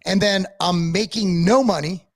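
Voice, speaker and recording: Male co-host, higher pitch, blunt profane rambling delivery, dry close sound. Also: measured pace, no echo. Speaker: podcast co-host. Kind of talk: casual chat.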